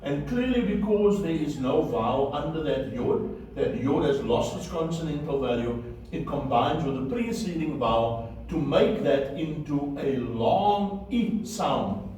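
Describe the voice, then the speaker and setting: Teaching Biblical Hebrew to a class, a man speaks in a slightly high, animated voice with a darkish tone, never hurrying. He returns to key words and checks whether the students follow. The audio is distant and very echoey, with faint room noise.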